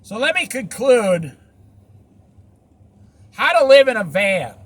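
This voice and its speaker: A man on his vlog holds forth about living in a van, preachy and insistent, hammering points with repeated rhetorical questions. His voice sits high and swoops widely as he stresses words. It is bright and recorded close and dry. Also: big pitch swings, slow, dry recording. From United States. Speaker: van-life vlogger. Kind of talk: opinionated casual monologue.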